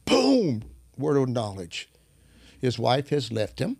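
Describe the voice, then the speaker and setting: Gravelly man telling a faith story. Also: mid-range voice, no room sound, studio quality. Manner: animated, acts out quoted dialogue; halting restarts while searching for words. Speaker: guest minister. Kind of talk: conversational testimony storytelling.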